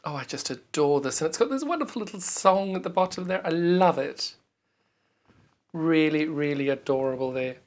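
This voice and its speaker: Presenting live on a sewing shopping channel, a South African woman with a deep voice gushes at normal speed with lively intonation. She is enthusiastic and urgently pushes viewers to buy.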